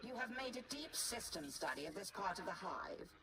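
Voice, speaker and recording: A woman's voice: mid-range voice, very animated, moderate pace, heavy reverb, background noise, close to an everyday voice. A woman voicing a commanding female mission briefer in a video game, giving clipped orders. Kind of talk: game cutscene dialogue. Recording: game audio with loud music, from a distance.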